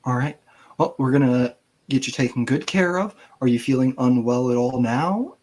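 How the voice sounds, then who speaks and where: A man playing a calm male paramedic who speaks in a soothing, businesslike way. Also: mid-range voice, normal speed, lightly acted. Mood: reassuring.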